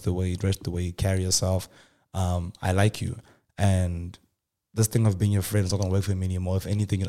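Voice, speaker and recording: Low-voiced man telling stories. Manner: animated, acts out quoted dialogue with loud high bursts. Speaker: host. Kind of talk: comic storytelling.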